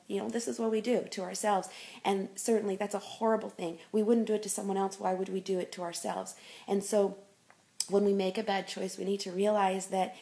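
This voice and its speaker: A woman's voice: mid-range voice, moderate pace, a little mellow. A woman life coach giving an encouraging motivational talk, her speech full of ums and you-knows.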